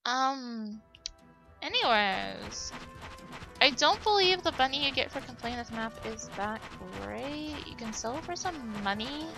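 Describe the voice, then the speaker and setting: Young woman, let's-play host: rambling and giggly, higher voice with lively swings, game music underneath. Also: moderate pace, gravelly, rough recording. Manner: chatty, giggly, rambling with many fillers. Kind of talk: casual gameplay commentary. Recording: game music playing behind.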